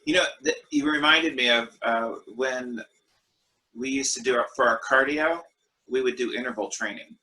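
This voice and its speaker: A man leading an online worship discussion over a video call, telling stories in a relaxed way with fillers. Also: medium pitch, moderate pace, low-quality recording. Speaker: group discussion leader.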